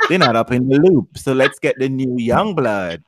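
A man trades jokes as a co-host in a casual chat, animated and playful, often circling back to "you know what". His pitch swings widely as he talks. The sound is dry and close, with little room behind it. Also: moderate pace, dry recording. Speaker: podcast co-host.

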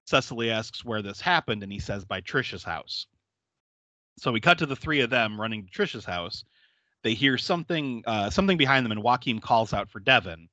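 Male host, bright lively voice, recapping a film with frequent laughter, dry close sound. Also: medium pitch, a little fast, no room sound, lo-fi sound. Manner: laughs often while retelling scenes; acts out quotes in exaggerated voices. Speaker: podcast host. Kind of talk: casual movie recap chat.

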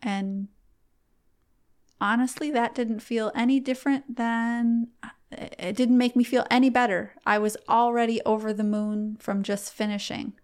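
A middle-aged woman, a guest on a podcast, telling a personal story in a heartfelt, halting way with frequent restarts. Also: fairly high pitch, fairly even intonation, clean tone. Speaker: podcast guest, competitive archer.

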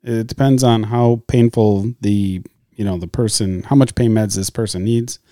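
A male hospital clinician in a casual podcast chat, careful and hedging as he thinks aloud. His voice is low and mellow. The recording is dry and close. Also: steady tone, normal speed, no room sound.

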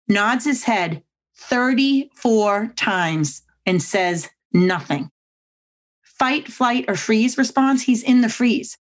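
A woman speaking as a podcast guest, telling lively anecdotes and acting out other people's lines with big jumps in pitch. She talks emphatically and comes back to her own catchphrases. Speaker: guest speaker on body language. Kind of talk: animated storytelling on a podcast.

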